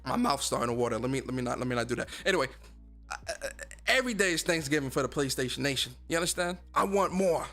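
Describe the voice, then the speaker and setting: Hyped, slangy gaming stream host. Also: male voice, mid-range voice, lively intonation, quick pace, fairly bright tone, faint music behind. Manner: hyped, slangy, talks straight to his chat. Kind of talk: casual livestream chat.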